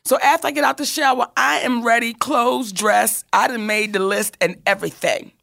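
A woman telling a personal story in casual chat, animated and swearing freely as she acts out what people said. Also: fairly high pitch, moderate pace, gravelly.

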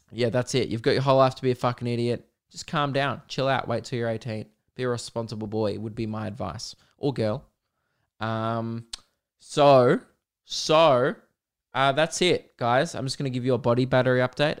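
A man's voice: medium pitch, fairly even intonation, moderate pace, clean tone. A young man hosting his own podcast solo, chatting candidly and rambling, swearing freely. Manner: candid, sweary and rambling, with mocking put-on voices. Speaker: podcast host. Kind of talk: solo casual podcast chat.

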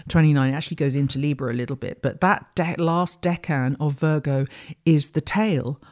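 Woman, astrology host, warm dark tone, rambling and reflective, casual spiritual monologue. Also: deep voice, normal speed. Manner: rambling and reflective, with many restarts.

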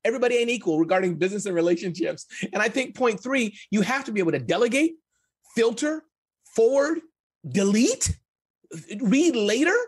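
A man answering as a business guest in casual interview chat, energetic, emphatic and joking. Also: extremely high pitch, a little fast, slightly rough. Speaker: guest, entrepreneur.

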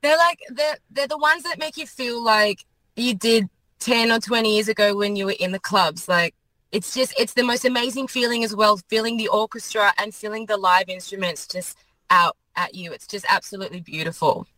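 Bright-voiced Australian woman on a call. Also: medium pitch, normal speed, no room sound, poor audio. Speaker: guest singer. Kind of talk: casual chat. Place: in her car. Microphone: phone call.

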